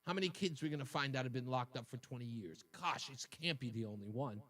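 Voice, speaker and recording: A man's voice: mid-range voice, fast talker, pushed and bright, recorded from a distance. A man hosting a talk radio show, delivering an indignant, emotional monologue that repeats points for emphasis.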